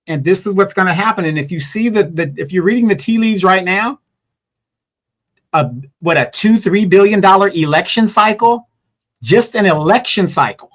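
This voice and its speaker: Male co-host, fairly high voice, emphatic commentary with rhetorical questions. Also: normal speed. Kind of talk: political commentary.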